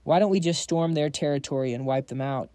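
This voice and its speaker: An impatient, hot-headed young mercenary, blunt and irritable, as a man reads him. The tone is dark and mellow, with a dry, close sound. It is part of a comic recap. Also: on the high side, a little fast, clear, resonant tone, no echo, natural voice. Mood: annoyed. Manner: annoyed, blunt.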